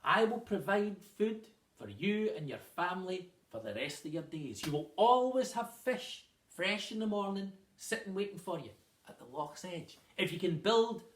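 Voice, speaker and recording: A man doing a calm kelpie. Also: sits high, normal speed. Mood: bargaining. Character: calm magical male water-horse spirit. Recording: roomy, distant mic.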